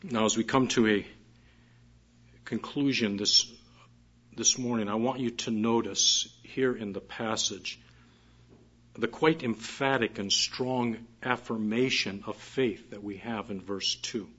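A man's voice: on the low side, steady tone, a little slow, fairly bright tone, breathy edge. A man preaching a morning sermon, reading scripture aloud and repeating key phrases with emphasis. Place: church service. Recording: muffled dull recording.

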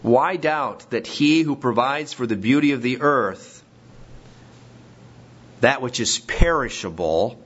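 A man's voice: medium pitch, expressive, slow, long pauses, a bit bright, slightly rough. A man preaching a sermon as pastor, emphatic and rising to stress his points. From Washington state. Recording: dull lo-fi recording.

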